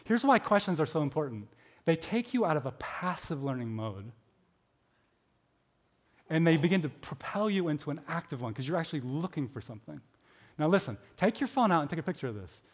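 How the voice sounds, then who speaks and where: A man with a high voice, middle-aged, gives a sermon that sounds like a friendly chat. He is self-deprecating and fills his talk with little likes. He acts out his own inner voice as he tells his stories. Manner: chatty, self-deprecating, many filler likes; animated storytelling with acted inner voices. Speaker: preacher. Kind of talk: conversational sermon.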